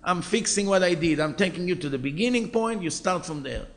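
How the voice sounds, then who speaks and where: A furious taxi driver yelling at a passenger, as a man puts him on in a told story. His voice jumps high and strained, with a gravelly edge. He is exasperated and spiteful. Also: fairly quick. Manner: shouting, exasperated. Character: angry hurried male taxi driver.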